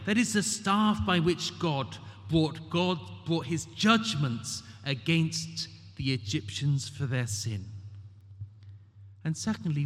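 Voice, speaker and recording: Emphatic preacher in a reverberant hall. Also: male voice, sits high. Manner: emphatic, rhetorical questions, dramatic quoting. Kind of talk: sermon. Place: church. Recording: long reverb of a large hall.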